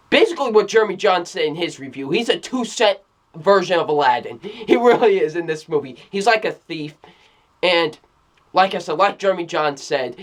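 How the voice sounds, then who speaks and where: A film reviewer in a casual spoken review who keeps exclaiming, repeats phrases, restarts sentences and often breaks into laughter. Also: medium pitch. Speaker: movie reviewer.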